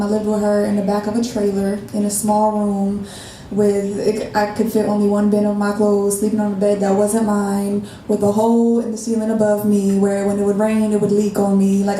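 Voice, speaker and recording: A young woman in casual conversation, telling her personal story and acting out the dialogue as she speaks. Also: mid-range voice. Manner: animated, acts out quoted dialogue. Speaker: interview guest. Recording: echoey room from far off, faint noise.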